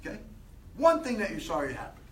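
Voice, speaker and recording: A man giving an animated motivational talk to a room of people, asking them many questions. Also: high voice, fast, roomy sound, recorded from a distance, a little hiss or hum, rough recording. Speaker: motivational speaker.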